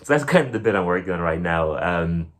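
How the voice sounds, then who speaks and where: Deep-voiced rambling comedian. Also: male voice, expressive, fairly quick. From Ireland. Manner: rambling, self-deprecating, acts out bits in silly voices. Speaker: comedian and podcast host. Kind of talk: casual rambling monologue.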